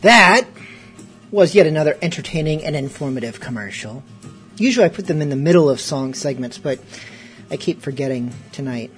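A man's voice: a little high, lively intonation, a little fast, a bit bright, faint music behind. A man hosting a casual online radio show, rambling in self-mocking banter between segments. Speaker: host.

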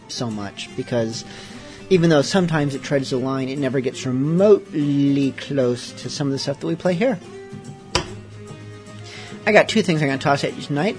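A man hosting a late-night radio show, talking casually with rambling, self-deprecating asides. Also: a little high. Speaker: host.

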